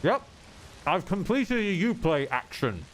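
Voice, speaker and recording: A man's voice: high voice, sing-song, unhurried, a bit bright, slight background noise. A man streaming a game, rambling and jokey, swearing often as he talks over the gameplay. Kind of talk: casual gameplay commentary.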